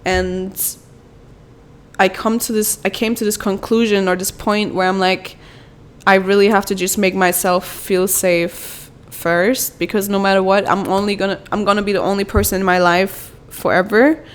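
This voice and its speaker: A young woman shares her thoughts in a personal self-help vlog. Her voice is smooth and clear at a middle pitch, and she talks in a soft, rambling, confessional way full of fillers. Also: level tone, moderate pace. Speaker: vlogger, mother.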